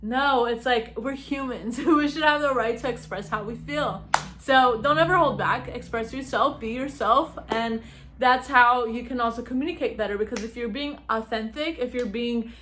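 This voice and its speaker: A young woman vlogging at home, giving chatty advice to the camera, laughing often and talking fast. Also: on the high side, fairly bright tone, a little hiss or hum. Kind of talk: casual talk to camera.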